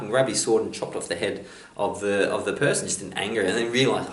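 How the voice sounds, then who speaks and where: A man's voice: on the low side, expressive, fast, far from the mic. Man, motivational vlogger, jokey, rambling, echoey room, faint hiss. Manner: rambling, jokey, frequent restarts. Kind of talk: casual motivational storytelling.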